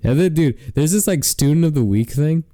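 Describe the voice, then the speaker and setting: A man's voice: on the high side, expressive, a little fast, dark tone, dry recording, clean studio sound. A teenage boy co-hosting a podcast, telling rambling stories in casual chat, full of "like" fillers, and acting out the people in them. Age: teens. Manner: acts out the people in his stories. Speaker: podcast co-host.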